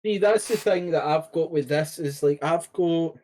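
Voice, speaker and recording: A man's voice: a little high, moderate pace, a little mellow. Laid-back man rambling. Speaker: podcast co-host. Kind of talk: casual chat.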